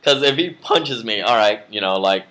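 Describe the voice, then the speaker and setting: Laid-back, low-voiced man rambling a story. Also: expressive, moderate pace, bright, forceful tone. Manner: rambling, heavy with fillers and restarts. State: just woke from a nap. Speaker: vlogger. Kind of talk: casual storytelling vlog.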